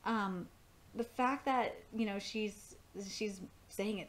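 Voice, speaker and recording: A woman's voice: mid-range voice, expressive, a little slow. Woman rambling thru an anime reaction stream, super into it, lots of ums. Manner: rambling, enthusiastic, many fillers and restarts. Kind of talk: live reaction commentary.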